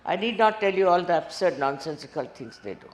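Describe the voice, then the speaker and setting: A woman giving a sermon-like talk as a spiritual teacher, unhurried and emphatic, scolding as she speaks, recorded in an echoey hall. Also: lowish voice, animated.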